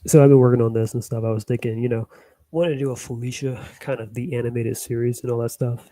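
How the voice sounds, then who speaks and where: A man talks in a loose, rambling way, stringing his thoughts together with plenty of fillers and soft chuckles. His voice sits in a mellow, fairly monotone middle register. The sound is dry and close, with no room around it. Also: mid-range voice, quick pace, dry recording, low-quality recording. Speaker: hobby animator. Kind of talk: casual rambling commentary.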